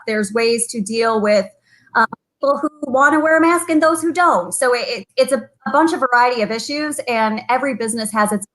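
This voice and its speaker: A chamber of commerce president, a woman with a somewhat high, a bit bright voice, chats as a guest over a video call. It's a casual interview, and she stays upbeat and talkative, laughing often and easily.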